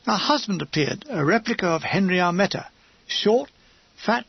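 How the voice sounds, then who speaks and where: A male audiobook reader with a high, gravelly voice tells a comic war memoir with wry description. His tone is husky, and the recording is dry and dull. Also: animated, moderate pace, no echo.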